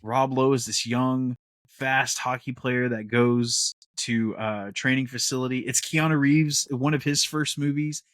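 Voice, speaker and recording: A man hosting a podcast in casual chat, animated, laughing often and acting out quotes. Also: mid-range voice, unhurried, no room sound, studio quality. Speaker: podcast host.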